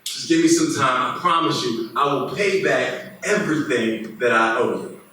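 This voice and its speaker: A man's voice: mid-range voice, moderate pace, pushed and bright, a little hiss or hum, close to an everyday voice. A man voicing a desperate servant who begs his master for more time. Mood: pleading. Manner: pleading. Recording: very echoey room, distant mic.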